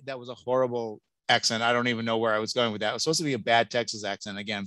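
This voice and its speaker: A man giving an animated, joking college admissions talk and taking audience questions. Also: mid-range voice, fast, hardly any pauses, dry recording. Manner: lively, jokey, exclamatory. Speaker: college admissions keynote speaker.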